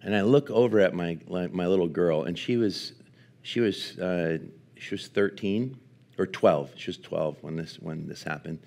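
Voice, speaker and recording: A pastor in his forties gives a sermon in a lowish male voice. He tells his story in an animated way, laughing often and leaning on casual fillers. When he turns to teaching, he grows quieter and slower. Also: creaky.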